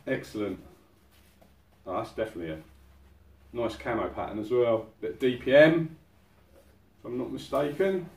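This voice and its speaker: A man's voice: mid-range voice, animated, normal speed, pauses often. A man hosting an outdoors channel, chatting casually through an unboxing and exclaiming in amazement at each item. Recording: roomy sound from a distant mic.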